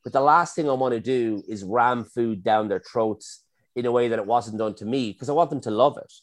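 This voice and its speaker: A man's voice: medium pitch, a little fast. Middle-aged man, chef, casual interview, rambling, self-effacing, lots of restarts. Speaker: chef and guest.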